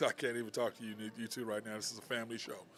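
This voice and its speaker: A man's voice: lowish voice, little pitch movement, fast, over loud music. A man hosting a show from a bar, telling stories in casual chat and laughing a lot. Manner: laid-back storytelling, laughs a lot. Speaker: podcast host.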